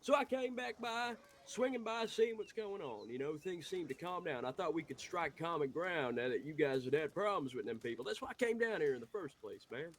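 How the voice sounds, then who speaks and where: A man's voice: fairly high pitch, expressive, fairly quick, hardly any pauses, a little hiss or hum, close to an everyday voice. A man voicing a hot-headed young Western outlaw who rambles, swears and talks in heated bursts. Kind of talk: Western role-play.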